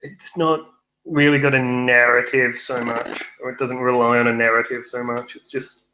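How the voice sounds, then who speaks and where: A man's voice: mid-range voice, flat delivery, normal speed, sharp tone, slight background noise. A young man with a mid-range voice, co-hosting a film review chat and rambling through his points with dry wit and plenty of restarts. A roomy echo trails his words. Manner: rambling, wry, many fillers and restarts. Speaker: film review podcast co-host. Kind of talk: casual chat.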